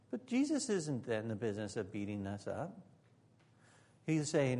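A man's voice: mid-range voice, big pitch swings, moderate pace, breathy edge. A man preaching a sermon as pastor, earnest and emphatic, with occasional joking asides.

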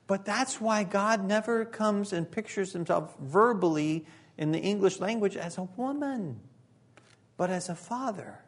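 Earnest, emphatic male preacher, higher voice. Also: unhurried. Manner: earnest, emphatic, joking asides. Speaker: pastor. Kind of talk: sermon.

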